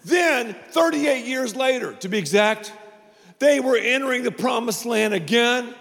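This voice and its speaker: A male pastor preaching a playful, animated sermon to a family audience, repeating phrases for emphasis. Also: extremely high pitch, unhurried, creaky. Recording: long reverb of a large hall.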